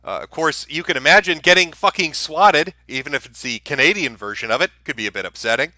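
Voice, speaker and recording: A man's voice: fairly high pitch, lively intonation, brisk, sharp tone, no room sound. A man hosting a live-stream commentary, ranting in a heated, profane and sarcastic way. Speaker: streamer host.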